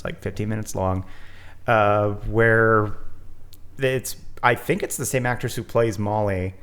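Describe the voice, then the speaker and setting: Meet a male podcast host chatting casually about a film. He rambles along and pokes fun at himself, laughing often. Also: fairly low pitch. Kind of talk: casual movie commentary chat.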